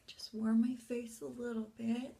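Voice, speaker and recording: A woman's voice: a little high, flat delivery, unhurried, gravelly, warm tone. A woman chatting through a makeup tutorial at home in front of her mirror, rambling with offhand asides and muttered whispers. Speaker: beauty vlogger.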